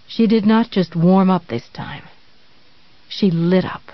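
Audiobook narrator, measured even storytelling, dry close sound, slightly dull recording. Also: medium pitch, no room sound. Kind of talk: scripted narration.

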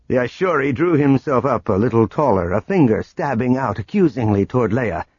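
A man narrating an audiobook in an expressive way, voicing every character himself. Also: mid-range voice, brisk, hardly any pauses, breathy edge, no room sound, highs cut off. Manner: expressive, performs all the characters. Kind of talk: scripted narration.

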